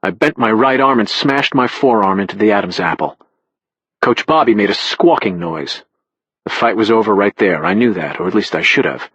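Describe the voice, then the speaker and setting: A man narrating a thriller audiobook in the first person, in a measured, matter-of-fact way. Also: lowish voice, a bit bright, husky, no echo, rough recording.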